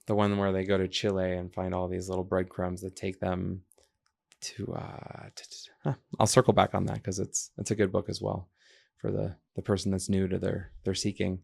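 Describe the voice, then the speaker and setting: A man's voice: sits low, moderate pace, gravelly. A man from the United States, a podcast guest, talking reflectively and telling stories in which he quotes people. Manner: reflective storyteller, quotes people in lively voices. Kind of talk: conversational interview.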